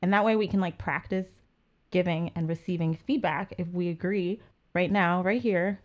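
A woman co-hosting a podcast in casual chat, thinking out loud in long, rambling sentences. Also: on the low side, steady tone, normal speed, dull audio. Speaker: podcast co-host.

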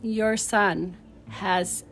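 A woman's voice: medium pitch, extremely slow. A woman in her forties fervently telling a personal faith testimony in an interview, acting out the voices in her story. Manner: fervent, animated storyteller who acts out quotes. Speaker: guest sharing her testimony.

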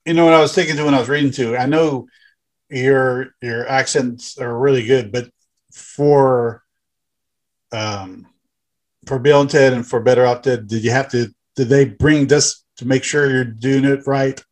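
A man's voice: mid-range voice, steady tone, a little slow. Man, podcast host, video call, rambling questions, lots of short backchannels. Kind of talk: casual interview chat.

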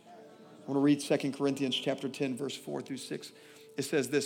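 A male pastor preaching a sermon, swinging from loud, impassioned declarations to quiet, intimate asides. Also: mid-range voice, steady tone, unhurried, creaky, pauses often, faint music behind.

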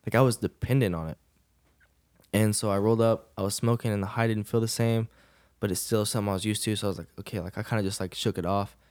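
A man's voice: lowish voice, fairly even intonation, quick pace, darkish tone. A young man, a podcast guest, telling a personal story in a casual, laid-back way, often laughing and saying "bro".

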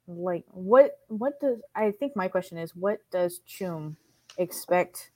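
A woman's voice: fairly low pitch, animated, slow pace, warm tone. A woman co-hosting a casual podcast, rambling with lots of fillers. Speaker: podcast co-host. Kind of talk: casual chat about a TV series.

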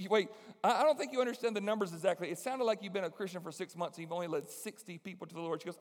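A man preaching a sermon, telling a story with lively acted-out voices. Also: high-pitched, fast talker, big-room sound. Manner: animated storytelling, acts out voices.

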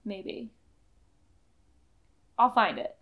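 A woman's voice: medium pitch, drawn-out words, narrow, tinny audio. A young woman in her twenties co-hosting a podcast, chatting casually and telling stories with lots of fillers. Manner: chatty, filler-heavy, animated storytelling. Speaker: podcast co-host. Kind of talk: casual chat.

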